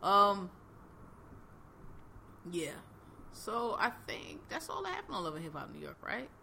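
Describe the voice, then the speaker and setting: A woman's voice: mid-range voice, huge pitch swings, a little slow, creaky, pushed and bright, slight background noise. A woman hosting a podcast, recapping reality TV in a blunt, laughing, slang-heavy casual chat. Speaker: podcast host.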